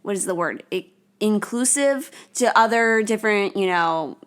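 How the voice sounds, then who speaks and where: A young adult woman co-hosting a casual podcast, thoughtful and sometimes pausing to search for the right word. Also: mid-range voice, animated, fairly bright tone, smooth. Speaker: podcast co-host.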